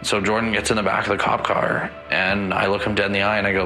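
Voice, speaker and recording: Young man, interview; bright, flat delivery, emotional retelling. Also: lowish voice, quick pace, few pauses, soft background music, poor audio. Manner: emotional retelling with quoted dialogue. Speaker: victim's son interviewed. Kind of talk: documentary interview.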